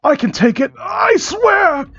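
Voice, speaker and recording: A man's voice: big pitch swings, slow, dry recording, lo-fi sound, exaggerated voice. A man putting on a desperate, pleading young man. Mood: begging. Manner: high shouted begging.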